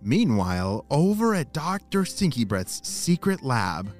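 A man's voice: medium pitch, measured pace, faint music behind. A man narrating a children's story and talking to young listeners. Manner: animated, talks to young listeners.

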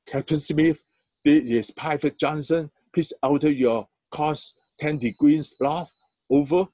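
A man voicing a young operator who answers calmly and respectfully over the radio. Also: a little high, slow pace, no room sound, voice pushed up. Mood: polite. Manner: calm and respectful. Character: calm, steady young male lighthouse keeper.

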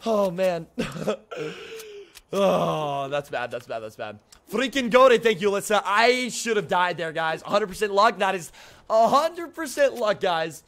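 Upbeat young male game streamer, high pitch, chatty with viewers, faint background hiss. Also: measured pace. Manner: upbeat, greets chat by name, excitable outbursts. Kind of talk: casual live-stream chat while playing.

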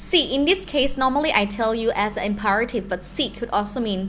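A young adult woman with a Thai accent, teaching a live language lesson in an animated, encouraging way and asking the class questions. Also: on the high side, quick pace, few pauses, slight background noise.

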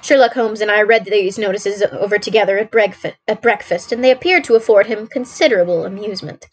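A woman's voice: medium pitch, brisk, breathy edge. A woman streamer reading a classic mystery aloud, steadily and with occasional self-corrections. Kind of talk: story read-aloud.

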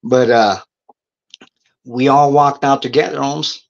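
A middle-aged man, a guest on an interview, telling rough stories in a casual, profane, streetwise way. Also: medium pitch, fairly even intonation, slow pace. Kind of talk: casual storytelling. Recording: dull lo-fi recording.

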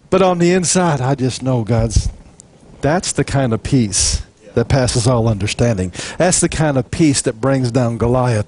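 A man preaching a sermon, animated and chatty, acting out little scenes and chuckling between points. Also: mid-range voice. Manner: animated, jokes and acts out quotes. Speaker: pastor.

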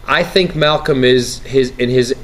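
A man being interviewed on set about his acting role, animated and laughing, often restarting his sentences. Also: medium pitch, a little slow. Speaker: actor interviewee. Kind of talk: press junket interview. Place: outdoor TV set, press line.

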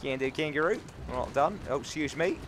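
This gaming YouTuber is a young British man from England with a British accent, casually narrating a let's-play while mocking himself over game music. He speaks on the high side at a moderate pace, expressively, and the background is noisy.

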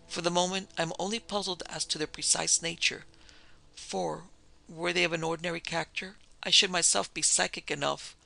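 A man voicing a calm, gentle male doctor of psychic cases who speaks in measured, reassuring tones. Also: on the high side, creaky, full character voice, rough recording.

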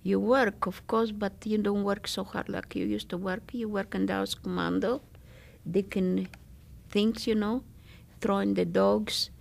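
An older woman from Greece giving oral history testimony, speaking in a halting way with many pauses and fillers. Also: medium pitch, fairly even intonation. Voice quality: gravelly.

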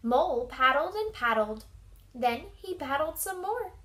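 Woman reading a children's book, high, bright voice, expressive and animated. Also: a little slow. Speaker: storybook reader.

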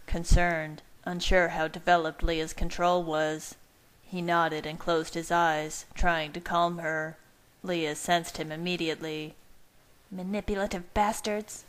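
A woman reading fan fiction aloud in a steady, even narration. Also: low-pitched, clean tone. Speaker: reader.

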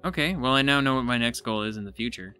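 An excitable man talks his way through a game, commenting casually and thinking aloud as he goes. His voice has a bright, forceful edge and sits at a medium pitch, and faint music plays behind him. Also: quick pace. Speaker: gaming YouTuber. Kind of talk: casual let's-play commentary.

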